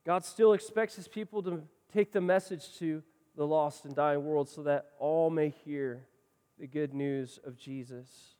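A man preaching a sermon as pastor, swinging between loud passionate lines and quiet ones. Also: fairly high pitch, fairly even intonation, a little slow, in a large hall.

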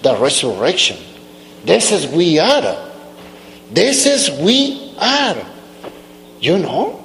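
A man delivers a church testimony in slow, halting bursts, repeating short phrases for emphasis. His voice sits a bit high and swings widely in pitch. He is heard in a reverberant hall with a faint hum behind him. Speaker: church speaker giving testimony. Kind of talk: sermon testimony.

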